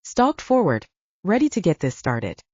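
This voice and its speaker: A woman narrates an audiobook in a low, mellow voice whose pitch moves a great deal as she tells the story. The sound is dry and close, with a slightly dull, lo-fi quality. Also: big pitch swings, moderate pace, dry recording. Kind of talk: first-person audiobook narration.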